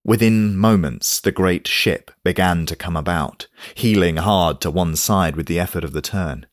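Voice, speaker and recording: A man reading a novel aloud in steady, measured scripted narration. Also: low voice, dry recording, studio quality. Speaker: audiobook narrator.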